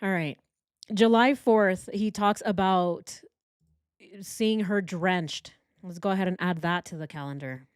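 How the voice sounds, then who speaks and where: A woman's voice: lowish voice, a little slow, clean tone, dry recording, clean studio sound. A woman hosting a true crime commentary, sarcastic and exasperated as she goes through evidence. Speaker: true crime channel host.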